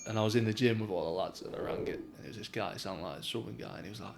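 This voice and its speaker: A man's voice: fairly low pitch, very fast, creaky, a little mellow, a little hiss or hum. Mancunian man telling stories, chatty. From England. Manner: chatty storytelling, swears, many "like" fillers. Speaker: professional boxer guest. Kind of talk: casual chat.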